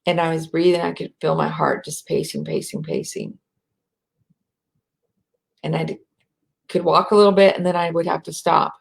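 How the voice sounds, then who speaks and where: A middle-aged American woman with a slight rural twang, speaking softly and reflectively as a spiritual speaker, sometimes dropping into a whisper to guide breathing. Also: sits low, flat delivery, vocal fry. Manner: slow, soft, drops to a whisper at times.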